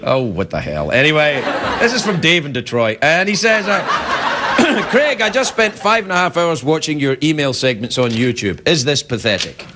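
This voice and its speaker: Jokey man with a lively, highish voice. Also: moderate pace. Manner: rambling, self-mocking, jokey asides. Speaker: late-night talk show host. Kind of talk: comic monologue reading viewer emails. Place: TV studio with live audience. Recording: loud studio audience laughter and noise.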